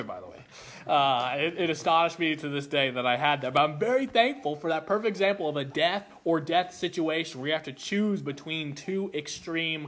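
A man preaching a sermon, telling a childhood story with animated delivery before explaining a Bible passage. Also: a little high. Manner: animated storytelling, acts out voices.

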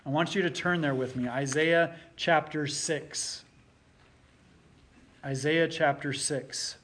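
A man's voice: a little high, fairly even intonation, takes it slowly, a bit bright. Man preaching, reading scripture with rising force. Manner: reads scripture aloud with rising force, then explains it plainly. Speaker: pastor.

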